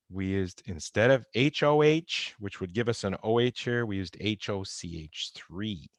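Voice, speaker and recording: A man with a voice on the low side gives a wry, informal recorded chemistry lecture, working through exam answers and speaking directly to students. The recording is dry, from a close computer mic on a video call.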